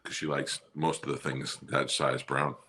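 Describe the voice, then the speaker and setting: Deep bright husky man chatting. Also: flat delivery, unhurried. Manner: profane, rambling, jokey. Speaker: podcast co-host. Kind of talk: casual chat.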